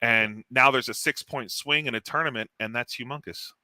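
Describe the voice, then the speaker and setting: A man talking tabletop strategy as a guest, animated and blunt, laughing often. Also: mid-range voice, moderate pace, no echo. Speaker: guest tournament player. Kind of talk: casual gaming strategy chat.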